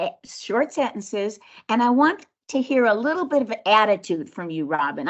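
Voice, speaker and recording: Upbeat woman coaching over a video call. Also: on the high side. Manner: upbeat, encouraging, instructive. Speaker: speaking coach. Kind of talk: interactive coaching session. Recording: dull lo-fi video call audio.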